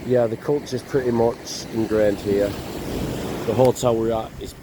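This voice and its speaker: An older man with a blocked nose, talking slowly and plainly in a casual travel vlog by the sea. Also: mid-range voice, steady tone. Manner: slow, rambling, plain-spoken. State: congested, bunged up. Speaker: vlogger. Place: outdoors by the sea. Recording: noisy outdoor recording.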